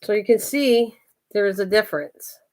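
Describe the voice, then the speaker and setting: A woman's voice: medium pitch, expressive, moderate pace, a little mellow. An older woman hosting her own channel, chatting casually to the camera and talking to her pets as she goes. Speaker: craft and garden channel host.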